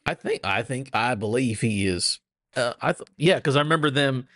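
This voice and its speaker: A man co-hosting a casual gaming podcast, jokey and rambling as he thinks out loud. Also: medium pitch, lively intonation, moderate pace, no room sound, studio quality. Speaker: podcast co-host.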